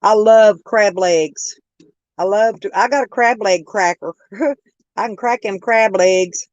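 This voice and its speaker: A woman's voice: mid-range voice, takes it slowly, darkish tone, no room sound, dull audio. A woman, chatting casually with viewers on a live stream, laughing often and calling them by name. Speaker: host of a live chat stream. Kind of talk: casual chat. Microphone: phone.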